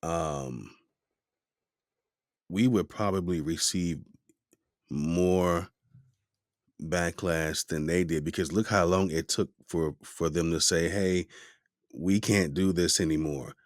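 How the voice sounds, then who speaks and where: A man hosting a podcast interview in casual chat, lively and fond of mimicking voices in his stories. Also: low-pitched, slow, pauses often, no room sound, clean studio sound. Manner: animated, mimics voices in anecdotes. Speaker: podcast host.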